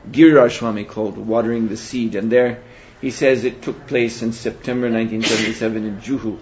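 A man teaching a spiritual seminar in a measured, reflective way, often pausing to hesitate. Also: on the low side, fairly even intonation. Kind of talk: spiritual lecture. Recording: dull lo-fi recording with faint hiss.

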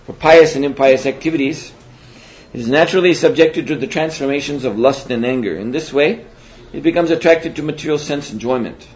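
A man teaching a spiritual seminar in a measured, reflective way, often pausing to hesitate. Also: medium pitch. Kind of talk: spiritual lecture. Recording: dull lo-fi recording with faint hiss.

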